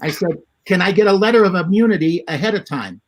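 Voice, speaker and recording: A man's voice: high-pitched, fast talker. A man telling wry anecdotes as a guest on a casual livestream chat. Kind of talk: storytelling.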